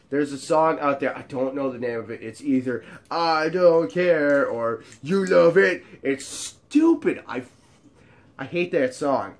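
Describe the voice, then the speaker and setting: A man hosting his own show, telling a casual, animated story with jokes and frequent swearing. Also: medium pitch, slight background noise. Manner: animated and joking, with frequent profanity. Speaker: show host telling bar stories.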